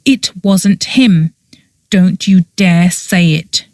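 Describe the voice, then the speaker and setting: Casting: a woman doing a furious young man in an audiobook, clipped and snarling, slow dry read. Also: fairly low pitch, warm tone, no room sound. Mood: angry. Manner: clipped, through gritted teeth, snarling. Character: angry young man defending his father, tense. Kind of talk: audiobook character voice.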